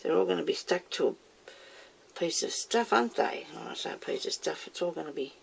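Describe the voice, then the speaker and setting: A woman's voice: low-pitched, big pitch swings, normal speed, vocal fry, husky. A woman chatting casually as she demonstrates making moulds, talking herself through each step and scolding herself by name. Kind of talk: casual how-to video.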